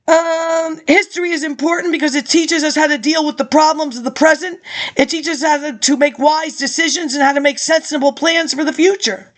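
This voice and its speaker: Woman, high voice, reads archive speech aloud, drifts into loose chatty asides. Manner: rambling, chatty asides, frequent laughs and throat clearing. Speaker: reader of archive documents. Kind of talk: reading a speech aloud with offhand commentary.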